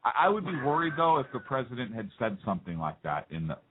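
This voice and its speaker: A man trades sarcastic jabs as a talk radio co-host. His pitch swings widely as he riffs. The audio is narrow and phone-like. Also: fast talker. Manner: sarcastic, animated interjections. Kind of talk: casual talk radio banter.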